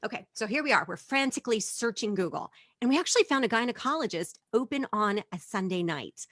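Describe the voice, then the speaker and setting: A middle-aged woman tells a personal story as a stand-up set, with lively swings in pitch. Her voice is bright and forceful, and the sound is dry and close. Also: a little fast, dry recording. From immigrant living in Japan. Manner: animated, acts out quotes with big pitch jumps.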